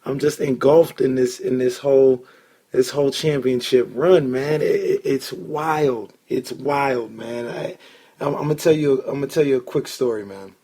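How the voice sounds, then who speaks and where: Gravelly, husky man hosting a sports podcast. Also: medium pitch, moderate pace. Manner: excitable storyteller, swears when worked up. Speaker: podcast host. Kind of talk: casual sports podcast chat.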